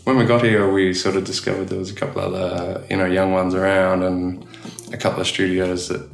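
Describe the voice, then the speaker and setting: In an echoey room with faint music behind him, a middle-aged tattoo artist from Australia talks casually in an interview, rambling and restarting with many "you know" fillers. He has a deep, fairly quick voice with vocal fry and little variation in pitch.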